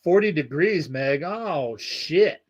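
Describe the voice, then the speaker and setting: A man's voice: a little high, lively intonation, slow pace. A man hosting a livestream, chatting casually and reading out viewer comments, with loose, heavily profane talk. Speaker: livestream host.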